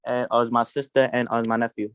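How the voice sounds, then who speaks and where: A man's voice: medium pitch, little pitch movement, brisk, clear, resonant tone, no room sound. A young man graduating, talking hesitantly over a video call with many fillers and restarts. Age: young adult. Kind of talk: casual speech on a video call.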